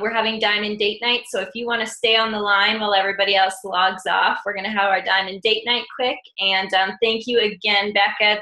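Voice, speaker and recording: Gushing Canadian woman, bright voice. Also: medium pitch, roomy sound. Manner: gushing, enthusiastic. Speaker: team leader hosting the call. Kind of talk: team call, casual chat.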